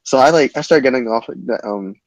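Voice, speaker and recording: A young man streaming to his chat, retelling an outrageous story in a quick, animated way and swearing freely. His voice sits in a mid pitch. The recording is dry and close. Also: dry recording, muffled recording. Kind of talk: casual storytelling.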